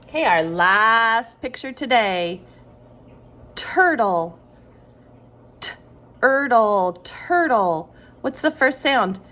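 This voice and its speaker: A woman teaching a phonics lesson to young children, slow and sing-song, giving encouraging prompts and pausing for answers. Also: fairly high pitch, lively intonation, sharp tone.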